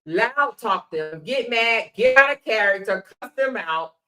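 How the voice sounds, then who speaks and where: A woman's voice: on the high side, lively intonation, sharp tone, rough recording. Sassy woman hosting a commentary show. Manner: sassy, drawn-out exclamations. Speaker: show host.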